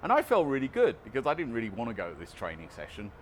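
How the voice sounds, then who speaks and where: A man's voice: medium pitch, wildly swooping pitch, rapid-fire, slight background noise. A man vlogging casually outdoors about recovery, chatty and self-deprecating, often restarting his sentences. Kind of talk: casual vlog monologue.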